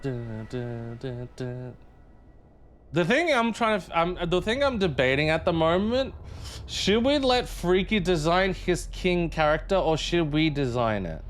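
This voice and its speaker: A man's voice: sits high, animated, normal speed, faint music behind. A man streaming a game live, chatting casually and playfully with viewers and humming tunes between remarks. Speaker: livestreamer.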